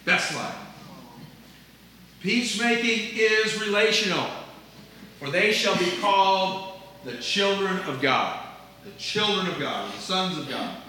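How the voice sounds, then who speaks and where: An older man preaching a sermon, earnest, moving between loud emphasis and quiet asides. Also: high-pitched, expressive, takes it slowly, pauses often, a little hiss or hum. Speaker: pastor. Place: church sanctuary. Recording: echoey room, voice from a distance.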